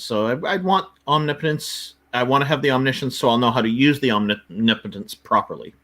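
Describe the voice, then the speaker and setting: A man's voice: mid-range voice, quick pace, few pauses, bright, forceful tone. A man co-hosting a casual livestream chat, explaining his point earnestly and at length. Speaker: co-host.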